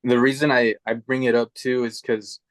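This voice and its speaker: A man hosting a podcast interview, talking in a relaxed, hesitant way with slang. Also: mid-range voice, moderate pace, no room sound. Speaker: podcast host. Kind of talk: casual interview chat.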